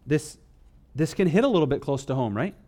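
A man preaching a sermon as pastor, swinging from loud emphatic lines to low, quiet asides and reading scripture slowly with weight on key words. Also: expressive.

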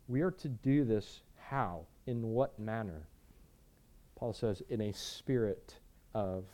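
A pastor preaches a sermon earnestly, repeating words and shifting between emphatic lines and quiet ones. His voice is medium in pitch.

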